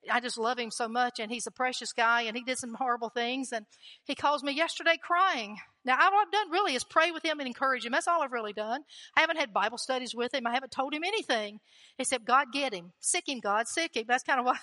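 In a large hall, a woman preaches a sermon with fervent emphasis, her voice high-pitched and sharp. She repeats key lines and puts questions to her listeners.

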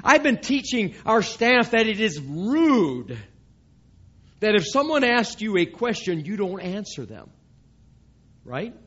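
Male pastor, high voice, slow emphatic sermon delivery, dull lo-fi recording. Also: very animated. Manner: emphatic, reads scripture aloud, swells louder on key lines. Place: church service.

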